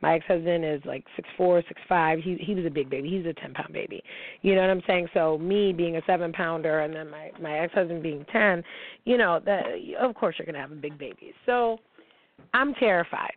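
A woman's voice: deep voice, fairly quick. A woman hosting a personal talk show, telling her story in a candid, profane monologue full of fillers. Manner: frank and profane, many fillers. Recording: tinny phone-like sound, dry.

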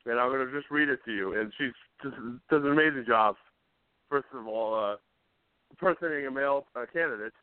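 A man's voice: mid-range voice, brisk, clear, resonant tone, dry recording. A man co-hosting a radio show, chatting casually, rambling and laughing as he talks. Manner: rambling, laughs often, restarts. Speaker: co-host. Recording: tinny phone-like sound.

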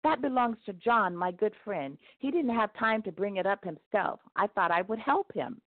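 A woman's voice: mid-range voice, normal speed, no room sound, voice pushed up, close to an everyday voice. A woman voicing an earnest, emotional man hauling a heavy wagon in a storybook tale, pleading as he talks. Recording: tinny phone-like dry sound.

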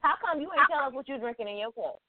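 Co-host: playful, swearing woman, high and very lively pitch, tinny phone-line sound. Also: fast, no echo. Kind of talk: casual chat.

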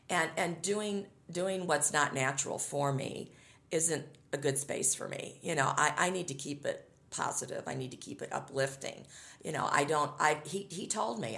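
A woman's voice: deep voice, vocal fry, a bit bright, roomy sound. A middle-aged woman talking casually as an interview guest, upbeat and chatty, often laughing as she tells stories.

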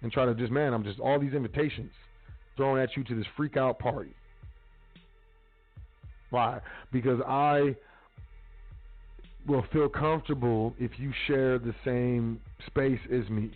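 Male host, mid pitch, blunt slangy monologue, tinny phone-like line, soft music under it. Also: fairly even intonation, unhurried, pauses often. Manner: street slang, blunt, profane. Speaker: podcast host. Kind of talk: casual monologue.

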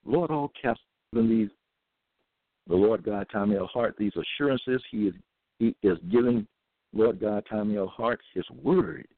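A man giving a scripture-reading monologue as a religious podcaster, reading verses slowly and solemnly and pausing often with fillers. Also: lowish voice, dry recording. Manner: halting, with many pauses and fillers. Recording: dry, tinny phone-like audio.

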